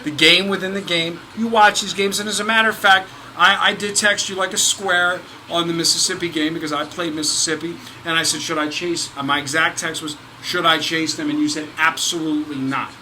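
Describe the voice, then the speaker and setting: A man's voice: on the high side, fairly even intonation, a little fast, hardly any pauses, bright, forceful tone, slight background noise. A man hosting a sports betting show, chatting animatedly and teasing his co-host. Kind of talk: casual sports betting chat. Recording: crowd chatter in the background.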